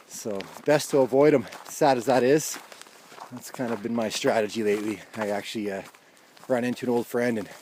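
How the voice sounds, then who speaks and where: A man's voice: mid-range voice, darkish tone, a little hiss or hum. A man vlogging outdoors in a casual, rambling monologue with wry, chuckled asides.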